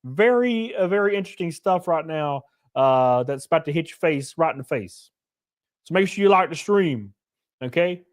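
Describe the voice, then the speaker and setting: A man in his thirties hosts a casual live stream, trading jokes and jabs with his chat. His voice sits a little high for a man, and his delivery is brash and offhand. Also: animated, moderate pace. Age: 30s. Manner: brash, joking, talks back to chat. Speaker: livestream host.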